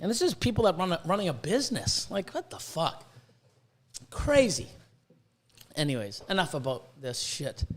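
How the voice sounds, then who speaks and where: Speaking at a moderate pace with long pauses, a Canadian podcast host uses a fairly high voice that swings widely in pitch. His casual rant is worked-up and profane, marked by stammering restarts and repeated words.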